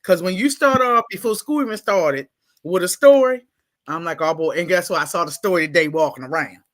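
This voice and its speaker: A woman's voice: on the low side, brisk. A woman with a Baltimore accent telling stories casually in an interview, laughing and acting out what people said. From Baltimore, USA. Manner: animated, laughing, acts out quotes in exaggerated voices. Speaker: guest, school staff.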